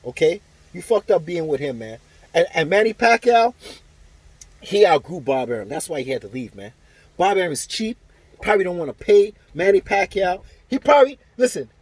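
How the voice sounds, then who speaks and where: A man's voice: high-pitched, darkish tone, slightly rough, no echo. A man ranting angrily to camera about boxing, heated and profane, repeating himself as he vents. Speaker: boxing commentary vlogger. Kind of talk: angry opinion rant to camera.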